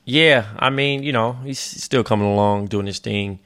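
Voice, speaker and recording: A man's voice: medium pitch, normal speed, fairly bright tone, smooth. A man co-hosting a sports show as the analyst, laid-back and blunt, with frequent "you know" fillers. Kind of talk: casual sports talk.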